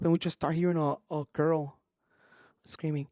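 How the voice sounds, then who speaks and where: A man's voice: high-pitched, normal speed, no echo, studio quality. A young man telling a story on a podcast, casual and profane, switching between Spanish and English slang. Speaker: podcast co-host.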